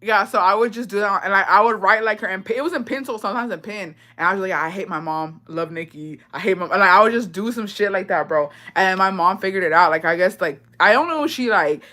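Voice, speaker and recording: A woman's voice: mid-range voice, animated, quick pace, hardly any pauses, bright, forceful tone. A young woman vlogger telling embarrassing childhood confessions in casual, profane slang, often breaking into laughter.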